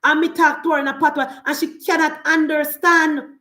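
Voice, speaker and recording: A woman's voice: high voice, level tone, moderate pace, pushed and bright, reverberant. Fiery Jamaican woman ranting in patois. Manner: fiery, switches between patois and standard English. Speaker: political commentator. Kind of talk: heated political rant.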